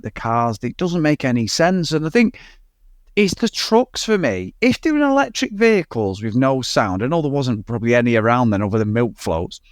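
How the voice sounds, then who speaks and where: A man's voice: mid-range voice, dry recording, studio quality. A British man co-hosting a podcast, ranting animatedly and swearing about a film in casual chat. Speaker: podcast co-host.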